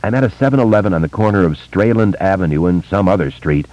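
A man's voice: deep voice, expressive, quick pace, a little mellow, no echo. A man voicing a shaken, nervous woman. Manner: hesitant, nervous. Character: shaken woman who has fled her husband. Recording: dull lo-fi audiobook recording.

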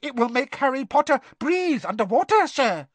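A reader voicing an earnest male house elf in a squeaky, very high voice, eager, talking about himself in the third person and calling his listener sir. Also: big pitch swings, moderate pace, no room sound. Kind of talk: audiobook character voice.

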